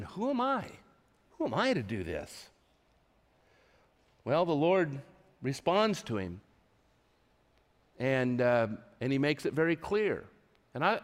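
A man's voice: a little high, big-room sound. A male pastor preaching a sermon, acting out the lines he quotes with big swings in his voice.

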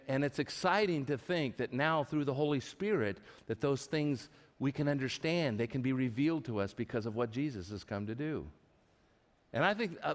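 A man preaching a sermon to a live congregation in a church, retelling stories with animation and often restarting his words. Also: a little high. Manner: animated storytelling with frequent restarts. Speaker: pastor. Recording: long reverb of a large hall.

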